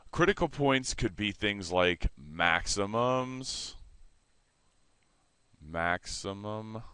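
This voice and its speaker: A man teaching a math lesson in a relaxed way, correcting himself and explaining as he sketches on a board. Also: low-pitched, clear, resonant tone, no room sound.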